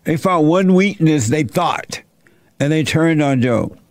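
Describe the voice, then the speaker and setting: A man's voice: fairly high pitch, animated, slow pace, dry recording, studio quality. A man hosting his show and retelling a Bible story in a folksy, plainspoken sermon style. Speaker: host and preacher.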